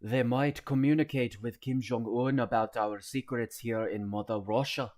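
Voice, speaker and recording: A man voicing a worried Russian soldier with a mock Russian-Italian accent, loud and a bit higher than his own voice. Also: fairly even intonation, normal speed, natural voice. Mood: paranoid. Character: blustering Russian soldier, male adult, worried.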